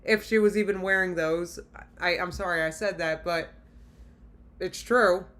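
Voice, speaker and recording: A woman's voice: on the low side, steady tone, measured pace, a bit bright. Exasperated woman reacting to a video. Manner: exasperated, blunt, talks straight to viewers. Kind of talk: casual reaction commentary.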